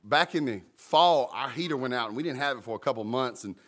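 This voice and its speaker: Animated preacher man. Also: fast talker. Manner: animated, humorous storytelling with sudden pitch jumps. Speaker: pastor. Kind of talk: sermon.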